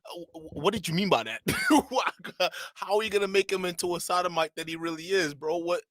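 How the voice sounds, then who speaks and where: A man's voice: high-pitched, a little fast, fairly bright tone, no echo. A man streaming live reaction commentary, laughing constantly and repeating himself in disbelief as he talks to his chat.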